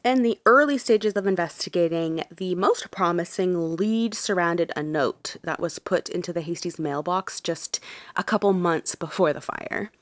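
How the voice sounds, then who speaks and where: Chatty low-voiced woman, sick. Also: moderate pace, no echo, studio quality. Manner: chatty, laughs often, says "like" a lot. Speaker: podcast host. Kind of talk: casual true crime storytelling.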